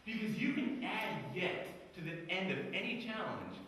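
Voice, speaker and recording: A man giving a lively career day speech to schoolchildren, telling a story and quizzing them. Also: high-pitched, normal speed, slight background noise. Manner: animated storyteller, quizzing the kids. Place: school hall. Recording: echoey hall, mic far off.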